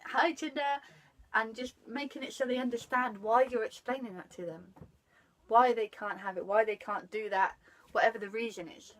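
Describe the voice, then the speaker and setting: A woman's voice: a little high, normal speed, rough recording. A woman, chatting animatedly about parenting and breaking off to greet passers-by. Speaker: parenting guest. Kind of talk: casual chat about parenting.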